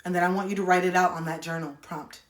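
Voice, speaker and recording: A woman's voice: fairly low pitch, steady tone, fast talker, echoey room. A woman hosting a livestream, talking bluntly and preachily with slang, recorded on a phone. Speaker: livestream host giving spiritual advice. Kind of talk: casual livestream talk.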